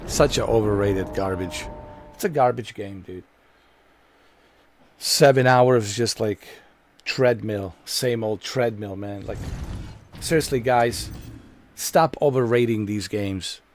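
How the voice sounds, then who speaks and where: A man's voice: fairly low pitch, slow, pauses often, a little hiss or hum. A man giving a gameplay commentary rant, exasperated and profane, repeating his complaints over and over. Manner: exasperated, profane, repetitive ranting. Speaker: gamer streamer.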